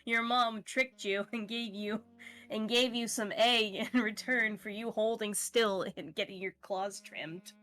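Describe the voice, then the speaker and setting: A woman's voice: mid-range voice, steady tone, unhurried, sharp tone, faint music behind. A woman narrating as game master of a tabletop game, meandering with frequent fillers and easy laughter.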